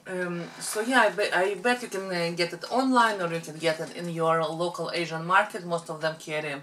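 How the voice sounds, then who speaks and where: A woman's voice: on the low side, steady tone, brisk, a bit bright, slight background noise. A woman co-hosting a family eating show at home, chatting casually and explaining cooking tips between bites. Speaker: mukbang co-host.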